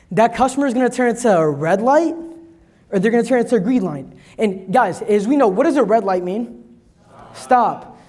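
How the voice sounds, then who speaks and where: A man, a company president, giving a motivational sales talk at a conference, asking the crowd "right?" and acting out customers' lines. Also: high-pitched. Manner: energetic, addresses crowd directly, acts out customers' lines; frequent "right?" tags and repeated words. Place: conference stage.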